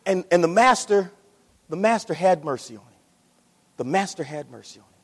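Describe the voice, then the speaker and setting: A man delivers a fervent sermon in a very high voice that swoops up and down as he drives his points home. He repeats phrases for emphasis and acts out voices from his story. His voice rings out with a long reverb in a large hall. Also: animated, moderate pace. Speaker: pastor.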